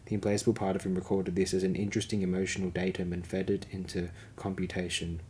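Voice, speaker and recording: A man narrates an audiobook at a steady, measured pace. His voice is very deep, and a faint background hiss sits under the recording.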